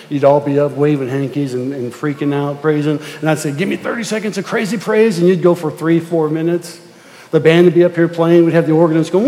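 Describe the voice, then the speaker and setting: A man's voice: on the high side, warm tone. Preaching man in a reverberant church. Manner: storytelling, repeats words, builds to emphatic rising exhortation. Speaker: pastor. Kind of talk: sermon. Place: church sanctuary. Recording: long reverb of a church hall.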